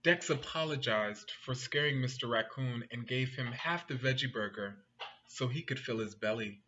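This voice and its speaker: A man reading a picture book aloud to children, animated and asking the listeners questions. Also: mid-range voice, moderate pace, muffled recording, slight background noise. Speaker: storyteller.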